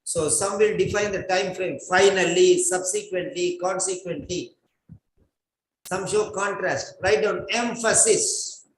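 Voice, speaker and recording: Slow high-voiced man teaching in an echoey room. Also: a little hiss or hum. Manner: repetitive, drilling instructions. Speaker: English writing teacher. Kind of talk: classroom lecture.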